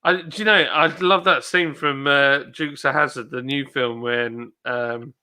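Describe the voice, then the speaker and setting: A man's voice: medium pitch, fairly even intonation, a little slow, bright, forceful tone, smooth. A man hosting a casual livestream, chatting and reading viewers' comments aloud in a rambling way. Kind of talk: casual chat.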